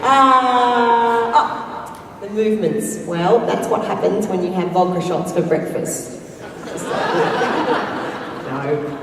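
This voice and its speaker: A woman's voice: medium pitch, slow, background noise. A woman answering as a convention panel guest, playful, giggly and teasing. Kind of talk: casual panel chat. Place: large convention hall with audience. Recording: echoey hall, mic heard from far.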